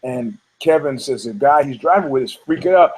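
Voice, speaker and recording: A man's voice: on the high side, animated, moderate pace, a little mellow, a little hiss or hum, low-quality recording. A man hosting a casual sports podcast who rambles, stammers over his words, repeats himself and swears freely. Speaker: podcast host.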